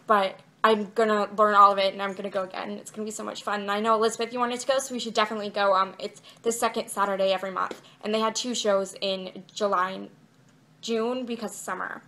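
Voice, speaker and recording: A woman's voice: mid-range voice, little pitch movement, quick pace, pushed and bright, a little hiss or hum. Chatty young woman rambling to camera. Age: young adult. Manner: rambling and chatty, many fillers like "like" and "um". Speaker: vlogger. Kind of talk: casual chat to camera. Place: indoors, outside her bedroom.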